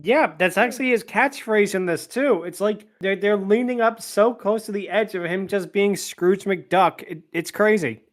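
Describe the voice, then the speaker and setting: A man with a high, light voice hosts a podcast, walking through a film's plot beat by beat. He tosses in dry jokes between the scenes. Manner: quick plot recap, dry asides, voices quotes. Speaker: podcast host recapping a film. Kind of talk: recap narration with jokes.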